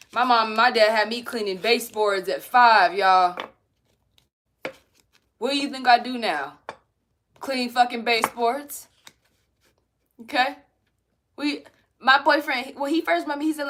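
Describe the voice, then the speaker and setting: Blunt, laughing woman with a higher voice. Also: moderate pace, pauses often, fairly bright tone. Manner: blunt, profane, laughing, with reading-aloud passages. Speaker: spiritual self-help host. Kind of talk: casual spiritual pep talk to viewers. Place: at home.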